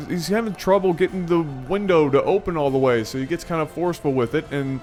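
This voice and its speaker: A man hosting his channel, telling a funny personal story in an animated, playful way, often correcting himself mid-sentence. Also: on the high side, a little fast, hardly any pauses, faint music behind. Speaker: channel host. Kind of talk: storytelling vlog.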